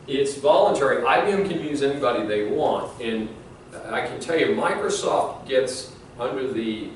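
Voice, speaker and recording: A middle-aged law professor of medium pitch talks informally to his class, wandering into anecdotes and stumbling through fillers and restarts. The distant recording of the large classroom sounds echoey, with a slight hiss.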